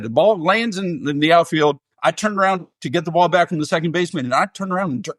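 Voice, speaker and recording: Guy doing a high-pitched southern drawl old texas pitcher, folksy storyteller, dry close sound. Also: a bit bright, no room sound. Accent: Southern US drawl, as put on. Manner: folksy, drawling yarn-spinning. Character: older Texan ballplayer with a Southern drawl, easygoing storyteller.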